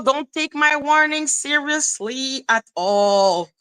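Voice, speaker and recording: Profane, ranting woman with a bright voice. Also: fairly high pitch, lively intonation, measured pace, poor audio. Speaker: livestream commentator. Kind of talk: casual livestream rant.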